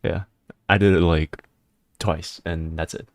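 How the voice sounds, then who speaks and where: A male streamer chatting casually on a live stream, rambling and excitable, with frequent restarts. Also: measured pace, dry recording. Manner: excitable, rambling, breaks into laughter and high-pitched disbelief.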